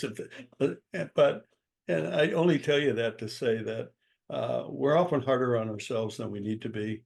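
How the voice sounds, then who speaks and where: An older man, a guest author and speaker from the United States, giving advice in a lively interview, acting out quotes with sudden jumps in his voice. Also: normal speed, creaky. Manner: animated, acts out quotes with sudden pitch jumps.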